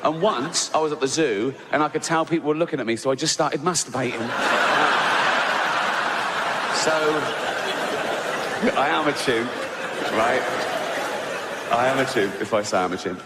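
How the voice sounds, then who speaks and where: A man performs stand-up, circling back through rambling asides and laughing along with his own jokes. His voice is medium in pitch. It rings out across a large reverberant hall with clear audience noise. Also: normal speed, pauses often. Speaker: stand-up comedian. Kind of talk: stand-up comedy.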